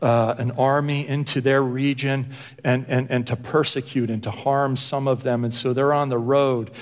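A man's voice: medium pitch, fairly even intonation, normal speed. Stammering male pastor preaching a sermon. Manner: stammering repetitions, conversational.

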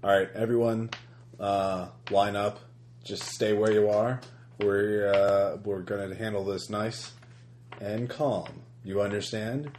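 A man plays a cold, professional agent who stays calm and in control. His low, even voice gives orders without hurry. Faint noise sits in the background. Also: slow. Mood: commanding.

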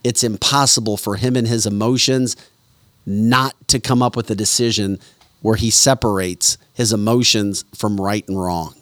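A man's voice: fairly low pitch, fairly even intonation, normal speed, fairly bright tone, no room sound. A man hosting a podcast, giving political commentary with many "um" fillers. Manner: talks it through with many "um" fillers. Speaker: podcast host.

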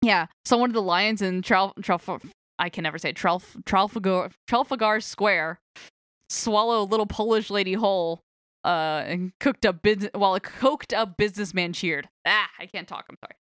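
A woman's voice: medium pitch, fairly quick, a bit bright, no echo, studio quality. A woman co-hosting a podcast, chatting casually and retelling a comic book story in a rambling, giggly way with many fillers and restarts. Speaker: podcast co-host.

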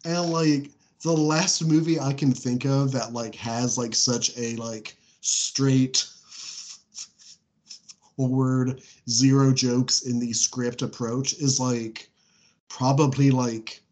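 A man's voice: mid-range voice, steady tone, takes it slowly, darkish tone. A man co-hosting a podcast, talking casually and rambling with many fillers and frequent laughs. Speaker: podcast co-host. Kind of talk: casual chat.

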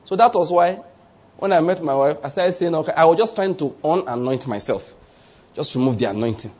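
A middle-aged Nigerian man preaching a sermon, animated, stretching key words for emphasis and chuckling between points. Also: a little high, fairly quick, breathy edge. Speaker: pastor.

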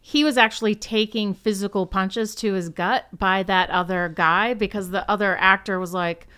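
A woman's voice: mid-range voice, fairly even intonation, normal speed, pushed and bright, clean tone. A woman chatting on a podcast, retelling scenes enthusiastically. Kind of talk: casual chat.

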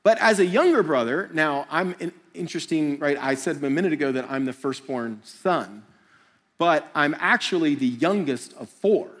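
A middle-aged man preaching a sermon, telling jokey stories and acting out quick voices. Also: fairly high pitch. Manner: animated, jokey storytelling with acted-out voices. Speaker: pastor.

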